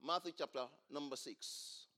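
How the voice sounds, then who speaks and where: A male pastor delivers a sermon in a high, very bright voice. He moves between quiet teaching and loud exclamations, pausing for the congregation to finish his lines. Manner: call-and-response preaching, rising to loud exclamations.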